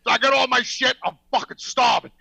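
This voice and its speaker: An older man telling a loud, swearing story on a podcast and acting out the other people in it. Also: extremely high pitch, fairly quick, creaky, husky, no echo, rough recording. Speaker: podcast regular. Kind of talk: profane storytelling.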